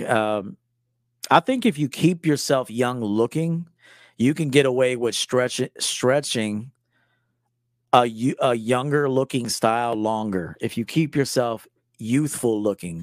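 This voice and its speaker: A man's voice: medium pitch, a little slow, no echo, clean studio sound. A man in his forties, a style coach hosting a live stream, talking casually in a loose, joking, profane way. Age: 40s.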